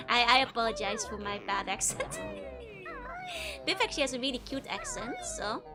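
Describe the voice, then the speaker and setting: A woman's voice: sits high, wildly swooping pitch, moderate pace. A woman streaming a video game, chatting casually with her chat and giggling a lot. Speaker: VTuber streamer. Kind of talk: casual let's-play commentary. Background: game music.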